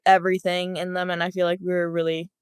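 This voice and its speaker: A twenty-year-old footballer from Los Angeles, USA, is a guest on a casual podcast interview, speaking quickly in a lowish, clear, resonant voice with little pitch movement. She giggles frequently and uses "like" a great deal. It's a dry, clean studio recording.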